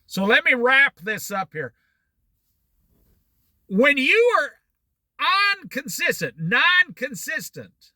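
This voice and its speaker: Bright, high-voiced folksy man. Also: sing-song, slow, long pauses, no room sound. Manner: folksy, repeats points for emphasis. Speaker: speaker. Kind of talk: motivational talk.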